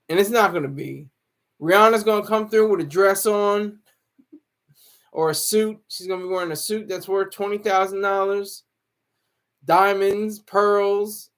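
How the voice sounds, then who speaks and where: A man hosting a casual livestream, joking, laughing often and reading viewer comments aloud. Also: high-pitched. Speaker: livestream host.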